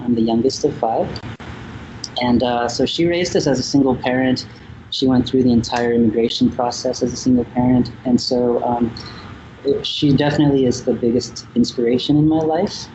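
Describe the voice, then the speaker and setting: A man from Vietnam speaks as a guest in a casual interview. He talks in a slow, reflective way, full of ums and pauses. His voice is mellow, and the dull, lo-fi recording carries a faint hiss. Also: mid-range voice. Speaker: musician guest.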